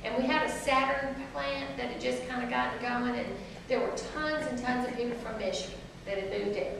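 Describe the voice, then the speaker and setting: Woman, 40s, Southern accent, author talk, storytelling, lively, distant mic, roomy echo, background noise. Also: on the high side, brisk, vocal fry. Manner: chatty, animated, laughing, addresses crowd as y'all. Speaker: author speaking to an audience. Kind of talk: storytelling talk to a live audience. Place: room with a live audience. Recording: echoey room, distant mic, noisy.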